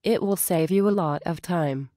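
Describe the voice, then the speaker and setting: A woman's voice: fairly low pitch, normal speed, mellow, no room sound, close to an everyday voice. A woman voicing a bitter, vengeful male wolf who taunts and threatens, read close to a dry home mic. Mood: sly.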